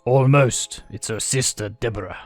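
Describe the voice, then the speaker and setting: A man voicing a self-assured card player in a video game, with measured, unhurried delivery. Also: medium pitch, dry recording, soft background music, close to an everyday voice. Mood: composed.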